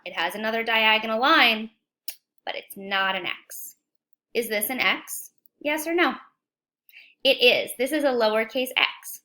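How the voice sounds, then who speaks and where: A woman teaching a children's phonics lesson, speaking slowly and clearly, encouraging and asking young viewers questions. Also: a little high, bright, forceful tone. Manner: slow, clear, encouraging, asks questions to kids.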